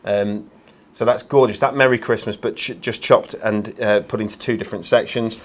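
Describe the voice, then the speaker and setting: A man's voice: fairly low pitch, steady tone, normal speed. Chatty man hosting craft TV. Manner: chatty, self-deprecating, filler-heavy. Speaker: craft TV show host. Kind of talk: live shopping-channel presenting.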